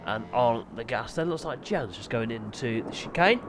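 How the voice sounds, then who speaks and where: A man commentating live sim motorbike racing on his own stream, excitable and chatty with joking asides. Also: medium pitch, normal speed, background noise. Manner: excitable, chatty, self-deprecating, swings to exasperated asides. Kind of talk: live esports race commentary.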